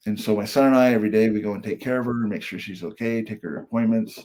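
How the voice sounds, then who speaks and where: A man's voice: fairly low pitch, fast talker, warm tone. A middle-aged man, a comedian and speaker, telling an earnest personal story as a guest on a podcast.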